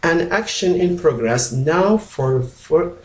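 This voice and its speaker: A man's voice: a little high, animated, takes it slowly. A man who speaks English as a second language, teaching English grammar from slides, patiently and repetitively, with small grammar slips. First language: Arabic. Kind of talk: slide-based grammar lesson. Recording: roomy echo.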